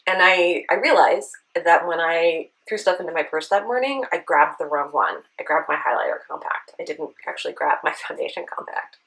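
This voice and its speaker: A woman's voice: lowish voice, moderate pace, hardly any pauses, a bit bright, poor audio. Earnest woman telling a personal story. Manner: earnest, tearful at times, with rhetorical "right?". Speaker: beauty vlogger.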